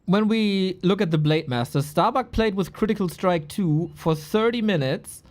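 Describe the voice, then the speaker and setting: A woman casting a live esports match, excitable and bursting into shouts at big plays. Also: medium pitch, normal speed. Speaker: esports caster. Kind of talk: live game commentary.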